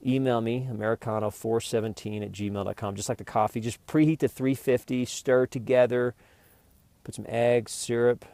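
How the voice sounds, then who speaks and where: A man's voice: medium pitch, fairly even intonation, moderate pace, mellow, dry recording. A man hosting his own vlog, talking in a rambling, jokey, meandering way. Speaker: vlogger.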